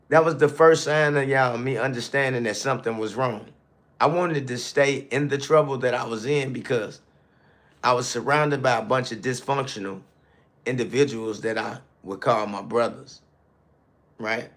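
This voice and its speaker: A man on a live stream, speaking at an ordinary middle pitch while he tells his story like a sermon. He keeps calling out to his audience and repeats phrases to build emphasis. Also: fairly bright tone. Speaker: landscaping business owner.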